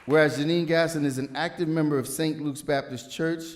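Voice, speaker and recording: A man's voice: fairly high pitch, fairly even intonation, a little fast, some chatter behind, slight background noise. A man, a city councilman, reading an award proclamation at a civic ceremony and breaking it up with joking asides to the audience. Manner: joking, warm-hearted emcee patter between formal reading.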